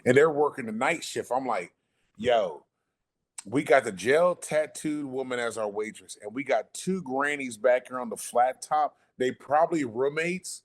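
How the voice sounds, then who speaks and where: A man telling a story casually on a podcast, animated and profane, acting out the people he quotes. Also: mid-range voice, measured pace. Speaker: podcast guest.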